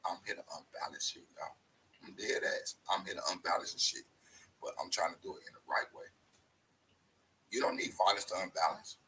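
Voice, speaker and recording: Sharp-toned man ranting bluntly. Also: low voice, brisk, far from the mic, slight background noise, rough recording. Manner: blunt, profane, emphatic, talks straight to viewers. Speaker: show host. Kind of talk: casual ranting monologue.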